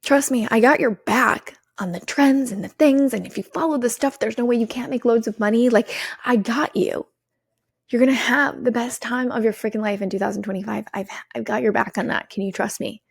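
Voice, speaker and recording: A woman hosting her own podcast, giving an energetic, swearing pep talk to her listeners. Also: a little high, a little fast, creaky, breathy edge, no echo. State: out of breath. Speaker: podcast host and business coach. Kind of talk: solo podcast monologue.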